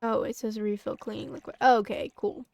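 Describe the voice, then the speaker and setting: A woman's voice: a little high, flat delivery, normal speed, creaky, a little mellow, no echo. A woman streaming a game, chatting casually and muttering to herself as she plays. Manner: mutters to herself while playing.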